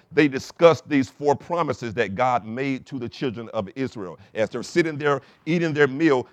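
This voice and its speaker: A man's voice: medium pitch, no room sound. A male pastor preaching a sermon, reading scripture aloud and calling on the congregation to answer back. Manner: preaching with call-and-response prompts; reads scripture aloud between points.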